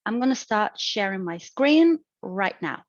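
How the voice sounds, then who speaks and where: A young woman student reading out her prepared phonetics presentation for an exam, explaining in a measured way with a few hesitant fillers. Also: mid-range voice, very animated, no echo. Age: young adult. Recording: dry, dull lo-fi sound.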